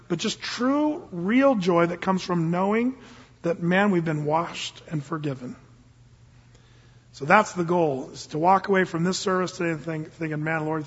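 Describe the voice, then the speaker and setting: A man's voice: high voice, slightly rough. An older man, a pastor, preaching a sermon in a casual, earnest way that rises suddenly into emphatic bursts. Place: church service. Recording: dull, long-reverb church recording.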